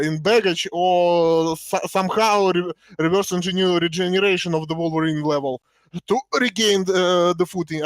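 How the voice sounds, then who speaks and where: Casting: male co-host, high voice, halting deadpan talk, dry close mic. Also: no echo. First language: Russian. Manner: halting, many fillers and restarts, deadpan jokes. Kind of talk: casual chat.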